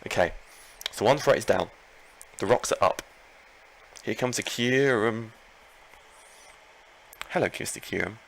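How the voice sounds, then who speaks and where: A man commenting live on his own Pokémon battle, excitable, talking to himself and his opponent and repeating phrases. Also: on the low side, measured pace, pauses often, rough recording. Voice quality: gravelly.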